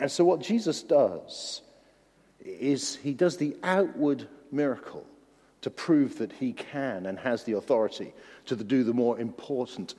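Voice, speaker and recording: A man preaches a lively sermon and acts out the voices he quotes. His words often stumble and restart. His voice carries a long reverb from a church hall. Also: mid-range voice, slightly rough.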